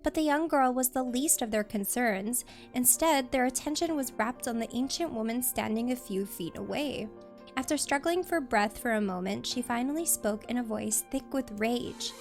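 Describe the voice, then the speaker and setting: High-pitched female streamer, steady read-aloud narration, soft music behind. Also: moderate pace. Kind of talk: reading a novel aloud on stream.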